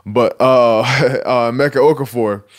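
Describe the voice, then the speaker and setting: A man's voice: mid-range voice, steady tone, measured pace. A man in his twenties from Nigeria, a basketball player speaking candidly and reflectively in a casual interview, with casual swearing. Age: 20s.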